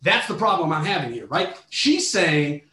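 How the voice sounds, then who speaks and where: A man giving a heated, profane rant while reacting to a story, shouting in bursts. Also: a little high, sing-song, moderate pace, roomy sound.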